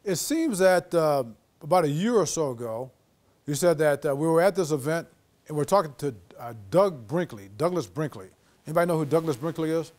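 A middle-aged man lecturing to students, spinning stories and acting out both sides of old conversations. His voice sits a bit high for a man and swings widely in pitch as he goes. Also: brisk. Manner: animated storyteller acting out quoted dialogue. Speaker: guest lecturer and author. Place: lecture hall.

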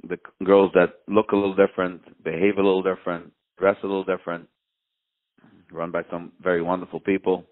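A man's voice: low-pitched, level tone. Grieving man on a narrow phone-like line. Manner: halting, searching for words, soft-spoken. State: grieving, voice close to breaking. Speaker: bereaved father, interview guest. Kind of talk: emotional personal testimony.

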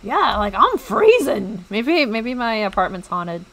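Chatty and easily startled, a young woman talks to her viewers while playing a game on stream, giving let's-play commentary. She speaks at a measured pace in a sing-song voice that sits on the high side and sounds a bit bright, on a rough recording.

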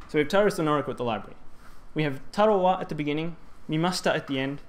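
A man's voice: a little high, lively intonation, rapid-fire. A man presenting a talk on grammar at a conference, explaining step by step with frequent ums and restarts. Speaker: Japanese language presenter. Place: presentation hall.

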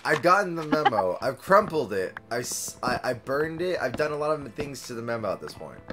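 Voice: medium pitch, sing-song, brisk. Streamer goofing around while gaming, teasing and laughing a lot, voice all over the place, game music going. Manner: playful teasing, laughs often, dramatic outbursts. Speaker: livestreamer playing a block-building game. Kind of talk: casual gaming chat.

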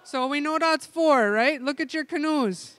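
A man leading a language-camp group game indoors, calling out playful, energetic instructions. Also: very high voice, measured pace. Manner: energetic, playful, giving loud calls and instructions. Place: indoor room with tables.

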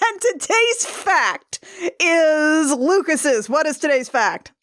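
A woman's voice: sits high, very animated, takes it slowly, a bit bright, no echo, clean studio sound. A woman hosting a podcast, chatty and jokey, swearing casually as she talks. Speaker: podcast host.

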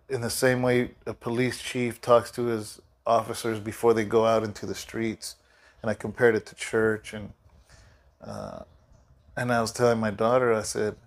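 Tired, rambling middle-aged pastor. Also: male voice, medium pitch. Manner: rambling, conversational, many fillers and restarts. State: sleepy, yawning. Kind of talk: casual spoken devotional.

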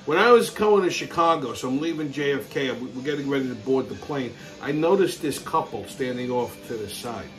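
Brash, animated New man. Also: medium pitch, fairly quick, few pauses, faint music behind. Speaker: show host. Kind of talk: profane comic storytelling rant.

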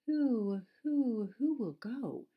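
A woman's voice: on the high side, animated, very slow, phone-quality sound, pitched above the performer's own voice, full character voice. A woman voicing an inquisitive storybook owl that repeats its question words. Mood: curious.

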